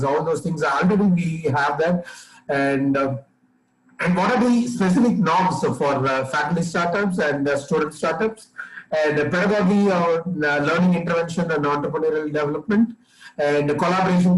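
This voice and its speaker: A man with an Indian English accent giving a webinar presentation as faculty coordinator, halting and full of filler sounds. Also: fairly high pitch, reverberant, poor audio.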